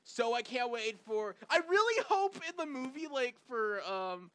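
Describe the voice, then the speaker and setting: A young gaming channel host reacting to a movie trailer, hyper and loud, shouting and laughing. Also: mid-range voice, sing-song, a little slow. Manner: hyper, shouts and laughs, lots of "bro" and "oh my gosh".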